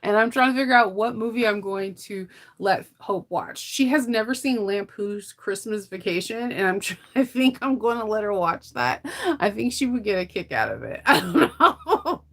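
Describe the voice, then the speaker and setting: A middle-aged sewing vlogger chats casually while she sews, her medium-pitched voice lively in intonation at a moderate pace. She laughs often and trails off mid-sentence, tired as she recovers from an illness.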